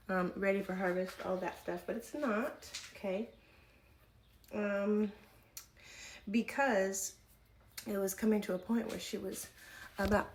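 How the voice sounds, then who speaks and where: A woman streaming live from home, chatting casually to herself and her viewers while gardening, a little out of breath and swearing now and then. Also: mid-range voice. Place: home indoors.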